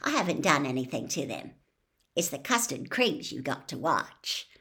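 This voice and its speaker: A cheeky teenage boy prankster, as a woman reads him in a storybook, full of jokes and mischief. His voice swoops up and down with lively energy. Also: low voice, normal speed, full character voice. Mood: teasing. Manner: cheeky, jokey.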